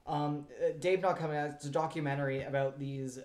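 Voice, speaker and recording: A young man co-hosting a casual film podcast, rambling through stories with lots of fillers and trailing off quietly. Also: a little high, fairly even intonation, fairly quick, reverberant. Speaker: podcast co-host. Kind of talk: casual chat.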